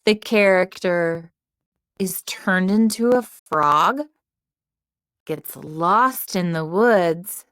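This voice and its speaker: A woman narrating a children's writing lesson and storybook in a slow, clear delivery. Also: lowish voice, fairly bright tone, no room sound, clean studio sound. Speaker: teacher narrator.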